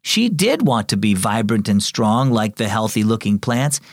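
A man's voice: fairly low pitch, very animated, moderate pace, no echo. A man narrating a scripted children's devotional, earnest and encouraging.

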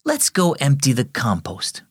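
A caring aunt from a storybook, speaking gently and reassuringly to her niece. A man reads her on a dry, close mic. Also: mid-range voice, wildly swooping pitch, a little slow, husky, no echo, full character voice. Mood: gentle.

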